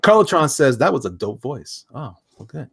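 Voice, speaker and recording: A man's voice: medium pitch, very animated, normal speed, creaky, husky, no echo, studio quality. A man hosting a casual live stream, jokey and chatty, reading viewer comments aloud and laughing often. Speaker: host.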